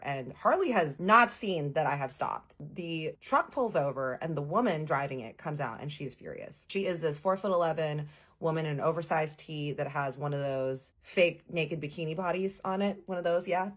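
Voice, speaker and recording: A woman with a low, husky voice tells a casual storytime straight to her viewers. She is animated and swears freely. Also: moderate pace. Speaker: vlogger.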